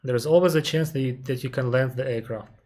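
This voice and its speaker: A man's voice: medium pitch, darkish tone. Russian-accented man explaining patiently. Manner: unhurried, explaining step by step with frequent restarts and pauses. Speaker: airline captain answering viewer questions. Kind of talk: casual live-stream Q&A.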